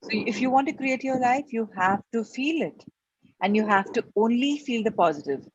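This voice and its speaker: An earnest woman, teaching a motivational class. Her voice is husky and slightly breathy. The recording sounds a little muffled and lo-fi. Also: fairly high pitch, animated, normal speed, dry recording. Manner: earnest, repetitive, stresses key words. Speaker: life coach teaching a class.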